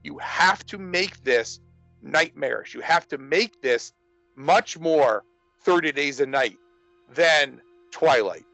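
A man's voice: a little high, animated, slow pace, gravelly, pushed and bright, dry recording, soft background music, poor audio. A man talking casually about horror films, rambling with many restarts. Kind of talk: casual movie discussion.

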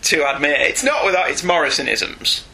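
A man co-hosting a casual podcast, sarcastic and self-mocking, talking in an animated way. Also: a little high, brisk, low-quality recording. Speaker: podcast co-host. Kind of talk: casual comic book podcast chat.

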